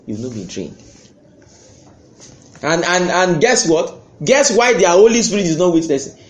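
A man preaching a sermon with fervour, swinging between loud outbursts and hushed asides. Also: high voice, animated, unhurried. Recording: echoey room.

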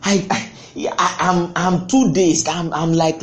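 A man preaching a sermon with fervour, swinging between loud outbursts and hushed asides. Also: high voice, fairly even intonation, slow. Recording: echoey room.

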